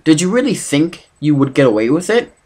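A man's voice: fairly high pitch, big pitch swings, brisk, darkish tone, voice pushed up. A man reading aloud, voicing a threatening female teacher who turns out to be a monster, in a cold, menacing tone.

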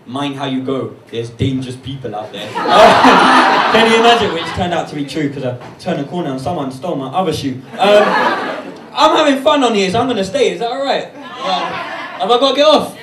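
A man's voice: high-pitched, animated, recorded from a distance, heavy background noise. Cheeky young man doing stand-up. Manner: cheeky, brash, rapid asides. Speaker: stand-up comedian. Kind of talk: live stand-up set. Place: comedy club stage in front of a crowd. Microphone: handheld stage microphone. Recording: echoey club, mic heard from afar, loud crowd. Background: loud audience laughter.

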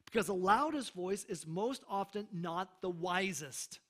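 A man preaching a sermon as pastor, emphatic, slowing down for scripture readings and checking in with the congregation. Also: sits high, animated, fairly bright tone.

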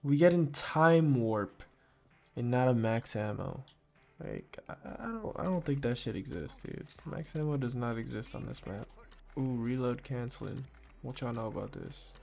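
A man giving rambling, profane gameplay commentary, full of slang and sudden excited outbursts. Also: mid-range voice, moderate pace, gravelly. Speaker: gaming YouTuber.

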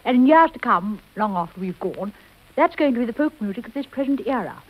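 A woman's voice: a little high, lively intonation, fairly quick, highs cut off. An actress playing a gushing, effusive society lady in a 1940s radio comedy. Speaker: gushing radio-panel guest.

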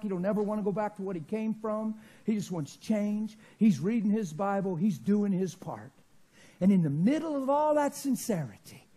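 A man preaching a sermon in a church, telling stories that swing from loud bursts to hushed quiet. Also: fairly high pitch.

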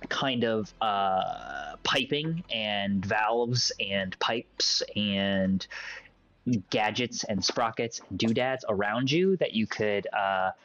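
A man's voice: lowish voice, lively intonation, slow, a bit bright. A young man narrating a tabletop game as game master, rambling and full of fillers. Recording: dull lo-fi voice chat with faint music.

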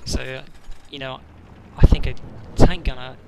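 A man's voice: mid-range voice, fairly even intonation, moderate pace, gravelly, heavy background noise. A man giving rambling, sweary, self-mocking commentary over his own gameplay. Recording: loud game gunfire and explosions behind.

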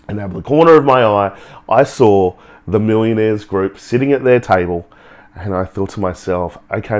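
A man, telling a personal story in a lively way and acting out the people in it. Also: on the low side. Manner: animated, acts out the people in his story with laughs. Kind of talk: storytelling talk.

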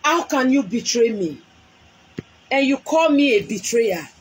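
A woman's voice: fairly high pitch, sing-song, a little slow, slight background noise. A woman with a Nigerian accent, a prophetess speaking on a live stream in an impassioned way, repeating lines for emphasis. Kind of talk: emotional live-stream address.

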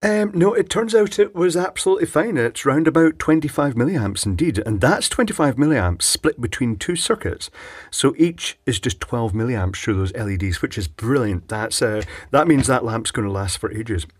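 A man's voice: mid-range voice, lively intonation, normal speed, breathy edge, no echo, studio quality. A man chatting dryly as he repairs electronics at his workbench, thinking aloud as he works. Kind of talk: casual workbench commentary.

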